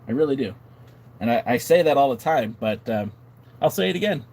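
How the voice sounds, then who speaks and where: A man hosting a wrestling podcast livestream, casually chatting and reading viewer comments in an animated, joking, mock-indignant way. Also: medium pitch, a little fast.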